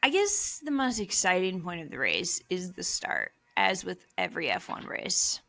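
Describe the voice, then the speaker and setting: A young woman with a gravelly, fry-edged voice chats as a podcast co-host. She talks in a loose, animated way and laughs often as she tells stories. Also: lowish voice, normal speed. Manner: chatty, laughing, animated storytelling. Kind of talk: casual chat.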